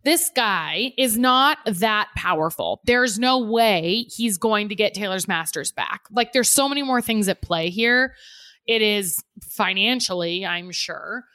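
Woman, podcast co-host, emphatic slangy chat, bright tense voice, dry sound. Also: medium pitch, lively intonation, unhurried, no echo. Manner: emphatic, slangy, says "like" a lot. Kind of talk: casual chat.

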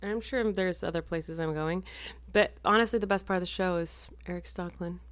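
A woman in her thirties co-hosting a podcast, chatting in a giggly, animated way and bossing her partner through a silly challenge. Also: on the low side, moderate pace, no room sound. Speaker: podcast co-host. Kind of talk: casual chat.

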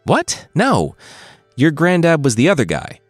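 A man's voice: medium pitch, sing-song, moderate pace, dry recording, faint music behind, close to an everyday voice. A man voicing a sick old Viking king who answers with flippant, exasperated retorts.

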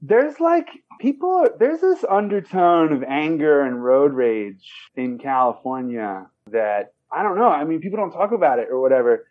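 A man's voice: fairly high pitch, very animated, normal speed, hardly any pauses, phone-quality sound. A man in his forties, a comedian telling stories in casual chat, rambling with lots of fillers. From United States. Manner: rambling, many "you know" and "man". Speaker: comedian guest.

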